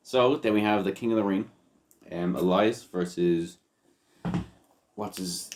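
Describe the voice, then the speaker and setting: A man's voice: sits low, measured pace, noisy background. A man co-hosting a podcast in casual chat, blunt and teasing, swearing freely. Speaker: podcast co-host.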